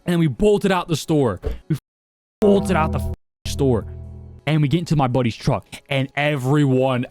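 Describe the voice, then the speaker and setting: A man's voice: a little high, a little slow, music in the background. A young man casually telling crude prank stories, swearing often and laughing at his own jokes. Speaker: commentator. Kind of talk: casual storytelling.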